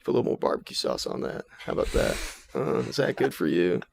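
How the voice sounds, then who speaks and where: Man playing a folksy Southern trickster pol, smooth deal-making drawl, low. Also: sing-song, fast, darkish tone, full character voice. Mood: wheedling. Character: sly Southern trickster politician ordering fast food.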